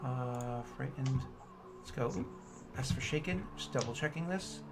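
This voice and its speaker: A man running a tabletop game as game master, explaining rules and then narrating combat with excited energy. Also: medium pitch, moderate pace, music in the background.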